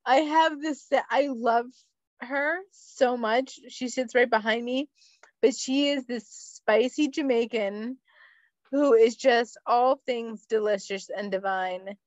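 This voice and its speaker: A woman's voice: fairly high pitch, slow pace, darkish tone, no echo, dull audio. A woman co-hosting a podcast, telling stories in casual chat, swearing freely and laughing as she talks. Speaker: podcast co-host.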